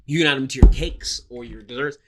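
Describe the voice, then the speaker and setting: Male host, mid pitch, upbeat and animated, casual talk. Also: quick pace, background noise. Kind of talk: casual chat.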